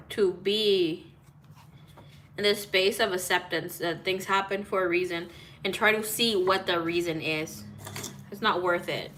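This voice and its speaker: A woman with a bright, forward voice chats loosely with her live audience as a tarot reader. She greets viewers one after another, swears offhandedly and drops in Spanish hellos. A faint hiss of noise sits under her phone recording. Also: lowish voice. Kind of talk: casual live-stream chat.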